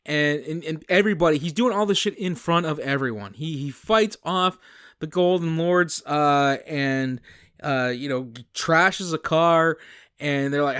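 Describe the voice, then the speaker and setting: A man co-hosting a podcast, recapping a movie in a casual, joking way with lively jumps in his voice. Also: a little slow, smooth, no echo, studio quality. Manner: animated, jokey recaps with sudden pitch jumps. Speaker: podcast co-host. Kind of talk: casual movie-review chat.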